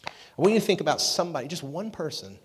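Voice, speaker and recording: A man preaching to a youth group, energetic and jokey, chatting with the crowd. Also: on the high side, fast talker, breathy edge. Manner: energetic, jokey, talks with the audience. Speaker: youth pastor. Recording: long reverb of a hall.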